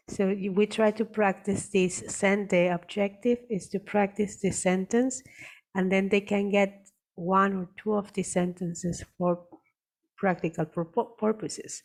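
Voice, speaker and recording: A woman teacher giving a screen-share tutorial, explaining each step slowly and deliberately. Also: mid-range voice, steady tone, vocal fry, darkish tone.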